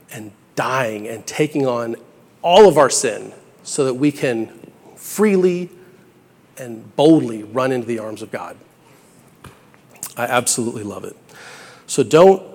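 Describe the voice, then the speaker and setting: A young adult man preaching a sermon in a church, talking in an earnest, conversational way that builds to bursts of emphasis. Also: medium pitch. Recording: echoey hall with long reverb.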